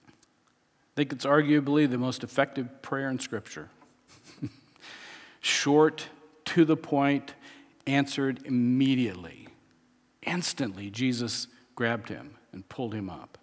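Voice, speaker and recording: A man's voice: mid-range voice, slow, long pauses, in a large hall. A man preaching a sermon in a conversational way, often restarting and chuckling as he explains scripture. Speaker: pastor.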